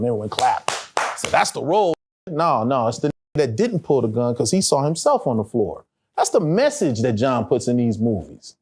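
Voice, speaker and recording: Animated, expressive man telling a story. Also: mid-range voice, brisk. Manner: animated, profane, emotional storyteller who acts out voices. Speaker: interview guest, actor. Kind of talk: candid interview storytelling.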